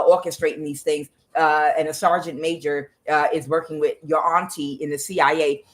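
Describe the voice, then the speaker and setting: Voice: medium pitch, fairly bright tone, poor audio. A tarot reader in a mid-range voice delivers a reading with insistent emphasis. The speech halts often on fillers and circles back to repeat key phrases, with the occasional swear word. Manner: hesitant fillers between phrases.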